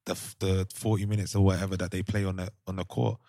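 A man's voice: sits low, level tone, fast, creaky, mellow, no echo, clean studio sound. A man co-hosting a podcast in casual group discussion, thinking aloud and often restarting his sentences. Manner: thoughtful, trails off and restarts mid-thought. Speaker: podcast co-host.

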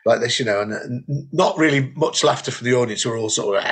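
A man's voice: mid-range voice, fast talker, fairly bright tone, slightly rough. A middle-aged British man, a comedian co-hosting a podcast, chatting casually and telling anecdotes between laughs. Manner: storytelling, laughing often, restarts. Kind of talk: casual chat.

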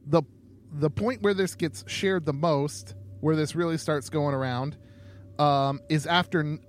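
Male podcast co-host, higher-pitched, slow and halting delivery. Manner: halting, with many ums and restarts. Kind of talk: casual podcast chat.

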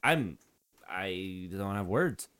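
Lively-voiced man riffing in an improv sketch. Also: sits low, drawn-out words, clear, resonant tone. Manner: loose, jokey, swings into mock-tearful wailing. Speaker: improv performer playing a fast-food worker.

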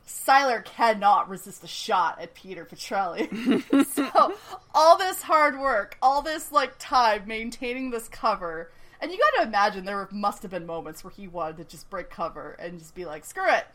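A woman co-hosting a podcast in casual chat, animated, laughing often and swearing casually. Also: medium pitch. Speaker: podcast co-host. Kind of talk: casual chat recapping a TV episode.

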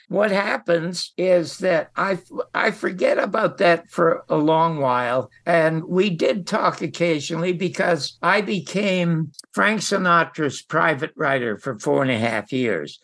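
An older man, a guest in an interview, telling anecdotes in a casual, animated way with emphatic asides. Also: a little high, vocal fry. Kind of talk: casual storytelling.

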